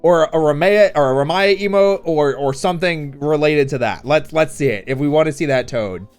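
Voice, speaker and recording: A man's voice: on the high side, normal speed, clean tone, faint music behind. A man hosting a live stream, teasing his guest and rallying his chat. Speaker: stream host.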